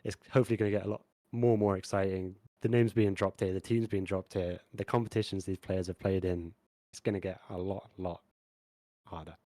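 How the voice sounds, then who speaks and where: A man's voice: deep voice, steady tone, a little fast, dark tone, no echo. A man co-casting a live esports stream in an easygoing, hesitant way. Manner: easygoing, hesitant, filler-heavy. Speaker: esports co-caster.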